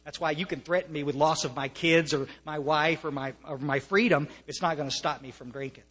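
An American man speaks earnestly to a recovery meeting, with a fairly high voice. He restarts his sentences often and slips in wry humor. His voice carries a long reverb from a meeting hall. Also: steady tone, brisk, fairly bright tone, breathy edge. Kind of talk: personal testimony to an audience.

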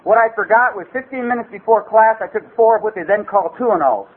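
A man's voice: sits high, fast talker, slightly rough. A middle-aged man from the Los Angeles area telling a comic personal story at a recovery meeting, rambling loosely and dropping "man" and "you know" everywhere. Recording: tinny phone-like recording with faint hiss.

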